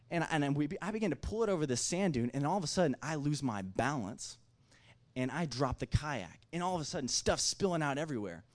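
A man telling a personal story at a microphone in an animated way. His voice keeps jumping louder and back down, and he often restarts his sentences. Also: medium pitch. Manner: excitable, swings loud and back, many restarts. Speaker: speaker telling a family story at a mic.

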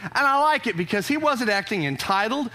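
A male pastor preaching a sermon to a live congregation, his voice high and bright. He talks in an emphatic, conversational way and often restarts his phrases as he builds a point. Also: lively intonation, brisk. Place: church service before a congregation.

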